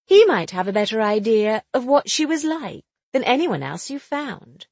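A woman voicing a lively, teasing young sleuth. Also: on the high side, moderate pace, husky, no echo, full character voice. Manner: bright, chatty, teasing. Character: quick-witted, cheerful young woman amateur sleuth. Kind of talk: audiobook dialogue reading.

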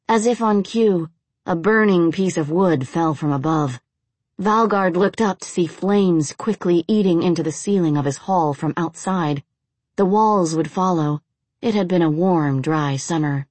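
Low-pitched woman, audiobook narrator, measured, dry studio sound. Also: darkish tone, dry recording. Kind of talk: scripted narration.

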